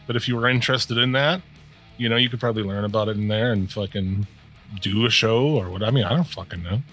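A man's voice: on the low side, quick pace, a bit bright, soft background music. A man co-hosting a podcast, chatting loosely with lots of swearing, rambling and trailing off mid-thought. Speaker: podcast co-host. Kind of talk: casual profane chat.

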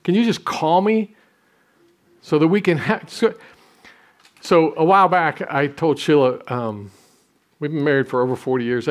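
A man in his sixties preaching a sermon, telling stories with self-deprecating humor and some restarts. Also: fairly high pitch. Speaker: pastor.

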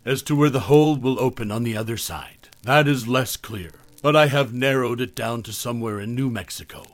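A man voicing a formal, self-assured male professor who speaks precisely and in measured terms. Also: medium pitch, no echo, close to an everyday voice.

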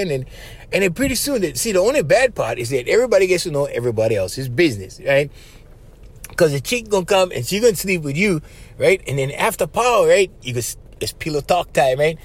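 A man with a Hawaiian Pidgin English accent, hosting a podcast and telling stories in a loose, animated way that is full of laughs. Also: high-pitched, a little fast. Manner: animated, laughing often, acts out voices, says "right?" after phrases. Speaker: podcast host. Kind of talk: casual storytelling monologue.

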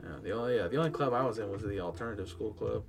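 Young male co-host with a lowish voice, talking fast and blunt in a laid-back way. Guitar music plays clearly under his voice. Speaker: podcast co-host. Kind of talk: casual chat.

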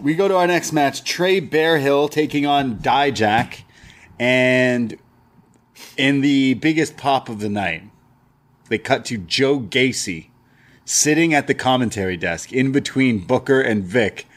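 A man's voice: mid-range voice, a little slow. Man recapping a wrestling show casually. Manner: animated recapping, acts out quoted lines in bursts. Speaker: wrestling review podcast co-host. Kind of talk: casual chat.

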